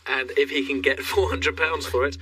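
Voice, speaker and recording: A man's voice: medium pitch, fairly even intonation, normal speed, pushed and bright, slightly rough, dry recording, distant mic. A man co-presenting a radio show, reading out messages in a dry, matter-of-fact way. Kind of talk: studio radio banter.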